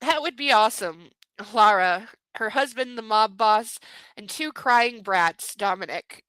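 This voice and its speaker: A woman's voice: a little high, measured pace, fairly bright tone, clear, resonant tone, no echo, low-quality recording. A young woman hosting a book club, reading a novel aloud with sarcastic, mocking asides. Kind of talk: comedic book reading with commentary.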